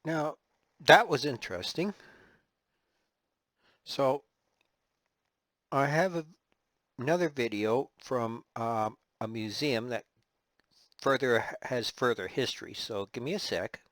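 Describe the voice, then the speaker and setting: A man's voice: medium pitch, fairly bright tone, no room sound. A man from Canada hosting a scale-modeling channel, chatting casually with ums and restarts. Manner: unhurried, halting, with ums and restarts. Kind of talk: casual chat.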